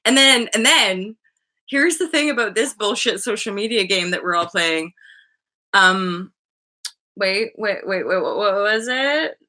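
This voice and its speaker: A woman's voice: medium pitch, lively intonation, measured pace, bright, forceful tone. A woman in her thirties hosting a casual live-stream chat, bubbly and laughing often, swearing freely and acting out voices as she tells stories. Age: 30s. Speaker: host.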